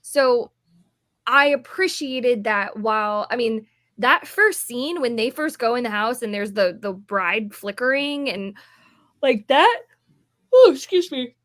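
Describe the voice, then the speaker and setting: A woman's voice: fairly high pitch, lively intonation, a little slow, pushed and bright. A woman co-hosting a podcast in casual chat, rambling with lots of fillers, sounding a little tired. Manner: chatty, rambling, many fillers. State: yawning, tired. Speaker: podcast co-host.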